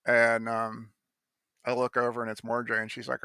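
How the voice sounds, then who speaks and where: A man's voice: medium pitch, monotone, fairly quick, gravelly, bright, forceful tone, dry recording. A man telling how he came to write a poem, in a rambling casual monologue full of fillers and restarts, blunt and now and then swearing.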